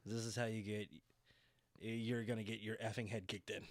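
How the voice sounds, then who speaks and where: A man's voice: on the low side, flat delivery, normal speed, dry recording. A man co-hosting a casual wrestling podcast, talking animatedly and acting out wrestlers' lines. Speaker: podcast co-host.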